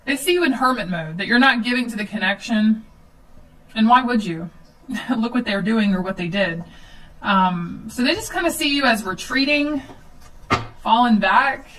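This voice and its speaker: A woman's voice: fairly high pitch, animated, moderate pace, a bit bright, recorded from a distance, low-quality recording. A woman giving a casual tarot reading at home, chatty, with filler ums and nervous laughs. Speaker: tarot reader.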